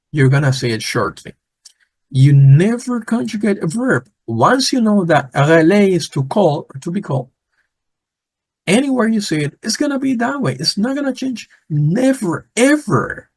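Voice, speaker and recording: A man teaching a language lesson, patiently repeating words slowly and clearly. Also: high voice, no room sound, rough recording.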